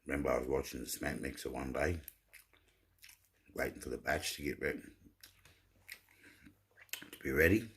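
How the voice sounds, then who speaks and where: A man's voice: a bass voice, moderate pace, long pauses, a bit bright, a little hiss or hum. A man, rambling and telling jokes in a laid-back way, often repeating his words. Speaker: vlogger. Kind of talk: rambling casual storytelling.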